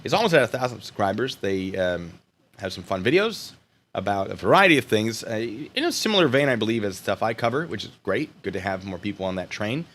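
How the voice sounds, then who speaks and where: An American man hosting a casual live stream, joking and chatting with viewers in an animated way that swings between loud bursts and mumbled asides. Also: on the low side, brisk.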